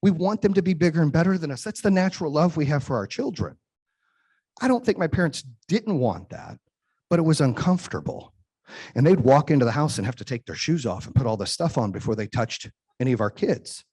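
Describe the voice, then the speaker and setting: Husky-voiced man telling a motivational story. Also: a little high, animated, brisk, a little mellow. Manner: emphatic storytelling, acts out quoted voices. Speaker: podcast host. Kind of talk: motivational monologue.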